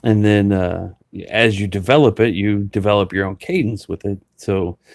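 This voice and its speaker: A man with a low voice rambles in a loose, casual chat full of fillers, talking like a working auctioneer. The sound is dry and close, with no room echo. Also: fairly even intonation. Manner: rambling, many fillers, bursts into rapid auction chant. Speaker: reseller and auctioneer.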